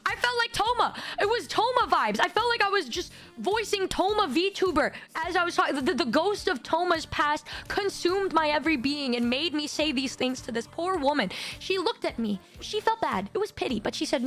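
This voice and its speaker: High-voiced woman telling a dramatic story. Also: fairly quick, few pauses, soft background music. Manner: animated, dramatic, big pitch leaps. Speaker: VTuber streamer. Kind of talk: comic storytelling.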